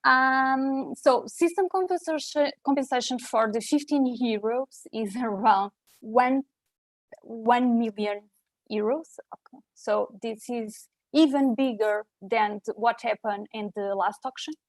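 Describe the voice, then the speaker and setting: Portuguese woman giving a webinar talk, bit high voice, dry sound, lots of uhs and restarts. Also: measured pace, dry recording. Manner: hesitant, many fillers and restarts. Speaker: presenter at a webinar. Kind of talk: technical presentation over video call. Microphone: video call.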